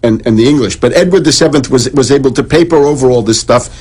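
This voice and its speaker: A man's voice: mid-range voice, quick pace, a little mellow, slightly rough. A man speaking as a guest on a radio interview, lecturing at length on history with frequent restarts and repeated words.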